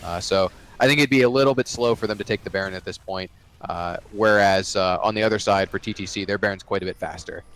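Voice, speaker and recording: A man's voice: on the low side, fast, fairly bright tone, clean tone. A man giving analytical color commentary on an esports match, with many fillers and restarts.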